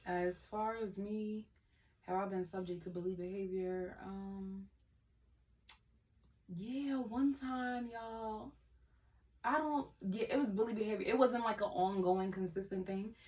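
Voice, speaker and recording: A woman co-hosting a casual talk show, telling a story in a lively way and talking straight to the listeners. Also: mid-range voice, measured pace. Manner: lively, addresses listeners directly. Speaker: podcast co-host. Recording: voice a bit far from the mic.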